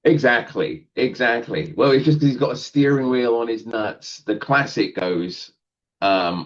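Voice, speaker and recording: A man's voice: mid-range voice, measured pace, lo-fi sound. A male comedian talking casually in a podcast interview, rambling and self-deprecating, laughing often. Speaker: guest comedian.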